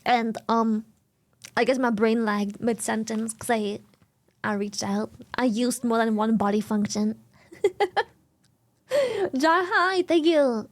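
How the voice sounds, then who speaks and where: A woman's voice: on the high side, takes it slowly, pauses often. A young woman from Germany with a German accent, chatting casually on a live stream, giggling often and thanking viewers over and over.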